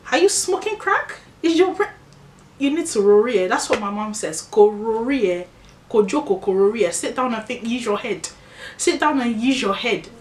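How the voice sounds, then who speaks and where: A woman from Nigeria ranting in an opinion vlog, blunt and animated, calling her viewers babes. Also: mid-range voice, echoey room. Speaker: vlogger.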